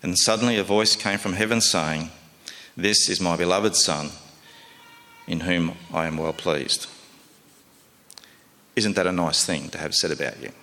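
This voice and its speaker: A man's voice: low-pitched, steady tone, unhurried, long pauses, pushed and bright, big-room sound. A man preaching a sermon in a conversational, folksy way, often asking his listeners questions.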